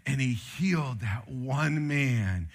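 A man preaching a sermon with slides, telling stories in an animated, conversational way. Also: medium pitch, slow. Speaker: pastor.

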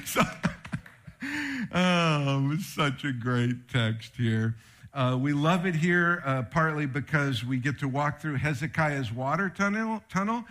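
Brief: male pastor, lively and chatty sermon delivery, voice sits a bit high. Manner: animated, conversational storytelling. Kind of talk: sermon with slides.

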